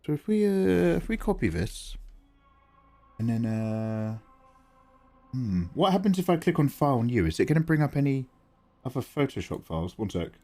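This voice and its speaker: A man's voice: medium pitch, very animated, moderate pace, pauses often, dark tone, faint music behind. A man chatting casually and self-deprecatingly on a live art stream while he draws, reading chat aloud.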